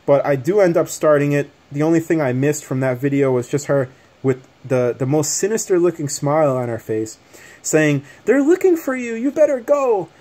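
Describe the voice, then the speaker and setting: A man's voice: a little high, moderate pace, darkish tone. A man vlogging, telling a story to camera in a rambling, agitated way, with many fillers and restarts.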